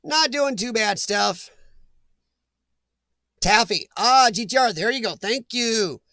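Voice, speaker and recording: High gravelly man chatting on a livestream. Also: animated, slow, bright, forceful tone, dry recording. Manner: chatty, laughs often, reads viewer names aloud. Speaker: livestream host reading chat. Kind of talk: casual live chat.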